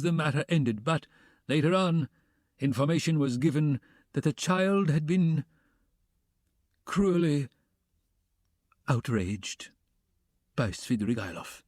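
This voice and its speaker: A man reading the part of a stiff, self-important middle-aged gentleman who speaks formally and precisely. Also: fairly high pitch, dry recording, studio quality. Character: stiff pompous middle-aged male suitor.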